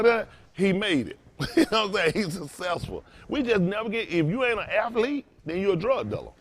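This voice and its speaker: Preaching man, emphatic and loud. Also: a little high. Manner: loose, emphatic, rising to loud bursts. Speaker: pastor. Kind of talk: preaching to a congregation.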